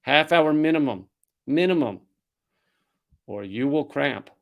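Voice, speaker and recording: A man's voice: a little high, lively intonation, slow, creaky, lo-fi sound. A man hosting comedic political commentary, sardonic and rambling with restarts. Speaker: comedian host.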